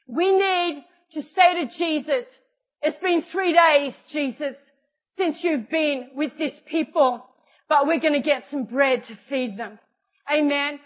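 A woman preaching a sermon in a very high voice, urgent and impassioned. She moves from shouted declarations down to soft, hushed delivery. The recording is dull and lo-fi. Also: a little slow. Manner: impassioned, swings between shouting and hushed tones. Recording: dull lo-fi sound.

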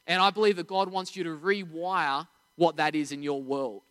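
A man's voice: a little high, moderate pace, smooth, in a large hall. A man preaching a sermon, telling stories with energy and asking the congregation questions. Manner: storytelling, animated, asks the audience questions. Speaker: pastor.

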